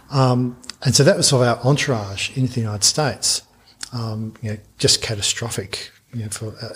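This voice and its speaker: A man, a business founder telling a long anecdote in a podcast interview, lively and full of restarts. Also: on the low side, husky. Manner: animated anecdote telling with frequent restarts and laughs.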